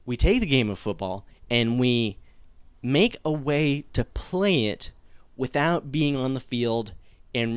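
A man voicing a middle-aged male night guard who muses in a low-key way. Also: smooth, no room sound, natural voice.

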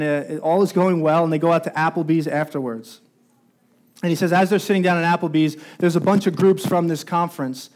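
A man's voice: fairly high pitch, a little mellow. A man preaching a sermon as pastor, telling a story and growing more intense as it builds. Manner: storytelling, rising intensity at climaxes.

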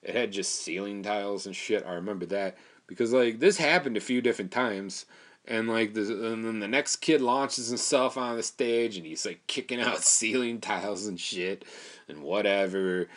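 A man with a somewhat low voice, spinning a story in loose, casual talk. He swears freely and rambles, circling back with "like" and restarts. Informal and conversational throughout. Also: moderate pace, a bit bright. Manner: rambling, profane, full of fillers and restarts.

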